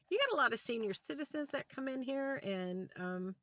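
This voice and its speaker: A woman's voice: high voice, a little fast, hardly any pauses, no echo. A woman vlogger telling a story as a rant, acting out both sides of a conversation. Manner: animated retelling with quoted dialogue. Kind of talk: ranting storytime. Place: inside a van.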